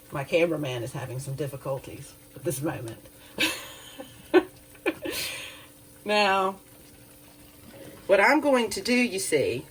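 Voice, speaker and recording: A woman's voice: lowish voice, far from the mic. A self-deprecating woman walks viewers through a recipe at her stove, her voice rising and falling a lot as she chats. She sits a bit back from the mic, and a faint hum of the kitchen hangs behind her. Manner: chatty, self-deprecating, talks to viewers directly. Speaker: cooking show host. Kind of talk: home cooking demonstration. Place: home kitchen.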